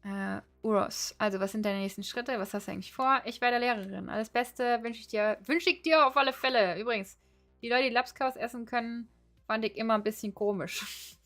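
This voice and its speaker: Brisk and a bit bright, with a slightly high pitch, this woman's voice comes from a language-learning livestream. Over faint background music, she reads out and answers viewer comments in easy chat, laughing a lot and moving between German and English.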